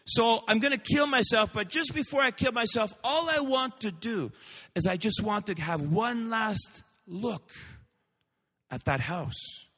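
Desperate runaway girl, a preacher doing her, pleading, high voice, echo of a big hall. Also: unhurried, bright, forceful tone, exaggerated voice. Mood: wistful. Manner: pleading, emotional delivery. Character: desperate young woman, a runaway daughter.

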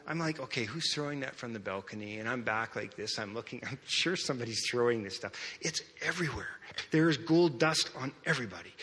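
A man preaching a sermon, telling a personal testimony with lively storytelling that swings between loud outbursts and hushed moments. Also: medium pitch. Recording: reverberant hall.

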